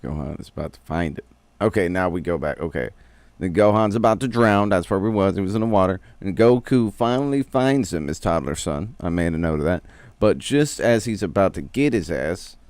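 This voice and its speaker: Low-voiced man giving a slangy recap. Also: darkish tone, dry recording. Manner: slangy, profane, rambling. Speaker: streamer. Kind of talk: casual episode recap.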